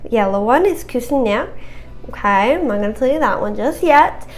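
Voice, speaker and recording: Young woman, high-pitched, chatty, cheerful, casual vocabulary quiz, self-encouraging. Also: animated, moderate pace. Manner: chatty, cheerful, self-encouraging, stumbles over French words. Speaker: French vocabulary tutor.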